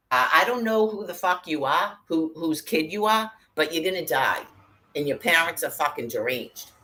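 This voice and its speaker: A woman's voice: on the low side, bright, forceful tone, low-quality recording. A woman delivering an angry, profane rant, cursing constantly and hurling threats.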